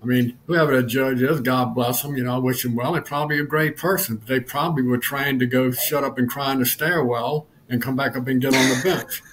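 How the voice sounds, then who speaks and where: A man of middle pitch sharing stories as a podcast guest, folksy and repetitive, doubling back on words. Faint background noise sits under his voice. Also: fairly even intonation, a little fast, hardly any pauses, a bit bright. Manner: folksy, repeats words, lots of "you know". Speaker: guest, lawyer assistance program director. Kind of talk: casual podcast conversation, storytelling.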